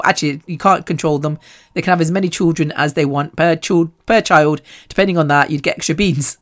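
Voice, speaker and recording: A woman hosting a podcast, talking casually and telling animated stories with frequent laughs. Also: low-pitched. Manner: chatty, animated storytelling; laughs often. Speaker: podcast host. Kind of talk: casual chat.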